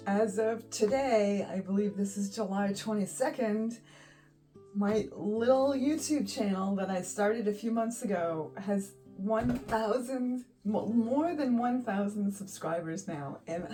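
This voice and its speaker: A woman's voice: mid-range voice, mellow, distant mic, rough recording. Giggly, emotional woman in her fifties. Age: 50s. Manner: giggly and effusive, often laughing. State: emotional, close to tears. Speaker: art channel host. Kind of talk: casual vlog chat. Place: home art studio. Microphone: phone.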